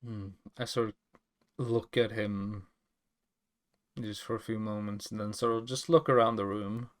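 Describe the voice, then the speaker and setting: A man's voice: on the low side, fairly even intonation, unhurried. Sex: man. Role: player. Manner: hesitant, thinks aloud. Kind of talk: tabletop role-play.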